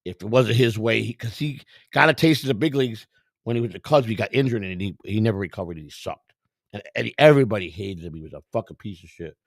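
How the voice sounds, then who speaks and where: A middle-aged man with a gravelly, rough-edged voice tells stories casually, swearing freely and acting out the people in them. He sounds close and dry, with no room around him. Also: lowish voice, fast talker, no echo. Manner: profane, animated, acts out quotes. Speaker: storyteller, former clubhouse worker. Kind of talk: casual storytelling.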